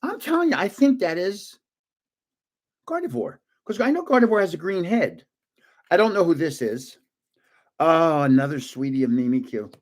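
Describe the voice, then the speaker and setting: An older man casually opening trading cards on a live stream, chatty and excitable, guessing aloud and laughing often. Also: a little high, moderate pace. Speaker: card-opening vlogger.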